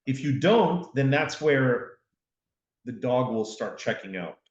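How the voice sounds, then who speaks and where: A man's voice: medium pitch, expressive, slow pace. A man co-hosting a podcast, chatting casually and easily with short agreeing replies. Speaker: podcast co-host. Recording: dull, roomy sound.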